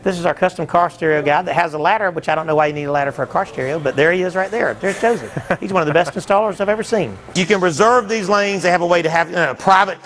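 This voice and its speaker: A man's voice: high voice, fast talker, fairly bright tone. A man, a store co-owner, teasing his staff and joking in casual behind-the-scenes chat. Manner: joking, teasing, laughs often. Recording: clear background noise.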